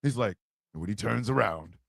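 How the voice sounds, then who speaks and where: A man co-hosting a casual podcast chat, talking with lots of profanity and loudly acting out quotes. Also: fairly low pitch, lively intonation, moderate pace, gravelly, dry recording, studio quality. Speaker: podcast co-host.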